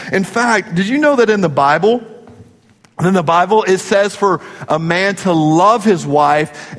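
A male pastor preaching a sermon in a conversational, joking way, acting out quoted voices. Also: sits high. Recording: long hall reverb.

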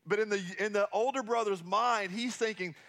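A man's voice: sits high, normal speed, gravelly, a bit bright. A man preaching a sermon as a pastor, earnest and repeating key phrases for emphasis.

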